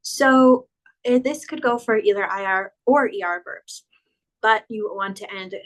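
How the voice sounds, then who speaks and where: A woman's voice: mid-range voice, rough recording. Patient woman teaching a grammar lesson. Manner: patient, spells out verb endings, slows down for examples. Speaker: Spanish teacher.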